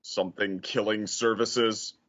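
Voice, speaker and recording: Rambling low-voiced man hosting a podcast. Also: fairly even intonation, measured pace, fairly bright tone, lo-fi sound. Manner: rambling, many fillers and restarts. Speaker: podcast host. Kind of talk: casual discussion podcast.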